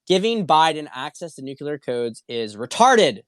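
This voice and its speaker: A man's voice: on the high side, sing-song, normal speed, no echo, studio quality. Blunt, profane male livestream host. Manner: blunt and profane, with frequent repetition and restarts. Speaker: show host. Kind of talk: casual livestream commentary answering viewer questions.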